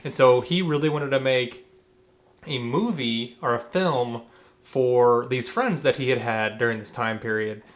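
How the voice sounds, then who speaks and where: A man's voice: medium pitch, a little slow. Rambling man chatting on a podcast. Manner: rambling, many fillers and restarts. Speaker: podcast co-host. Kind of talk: casual chat.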